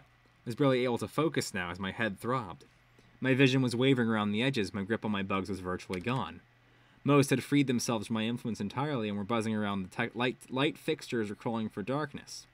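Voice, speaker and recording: A man's voice: lowish voice, brisk. A man reading a web serial aloud casually, with ad-lib asides and swearing. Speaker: reader.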